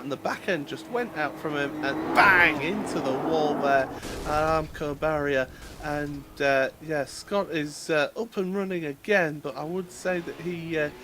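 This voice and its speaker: A man's voice: fairly high pitch, fairly bright tone. A man commenting a sim racing stream live, chatty and full of fillers, laughing easily. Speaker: race commentator. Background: race car engine noise.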